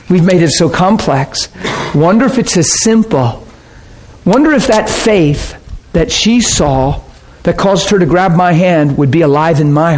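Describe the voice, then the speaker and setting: A middle-aged man preaching a sermon, telling a story and acting out the people in it with big jumps in his voice. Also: slight background noise. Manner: animated, acts out quotes with big pitch jumps.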